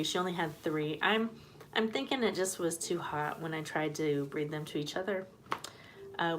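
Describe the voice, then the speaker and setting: A woman's voice: on the low side, background noise. Chatty woman hosting a live stream. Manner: chatty, rambling, greets viewers from the comments; laughs easily. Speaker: homesteading channel host. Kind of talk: casual live-stream chat.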